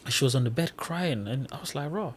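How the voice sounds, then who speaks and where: A man's voice: mid-range voice, fast. A young man from Nigeria, a guest in a casual podcast chat, telling stories with energy and acting out the voices of other people. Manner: animated storyteller, acts out quotes.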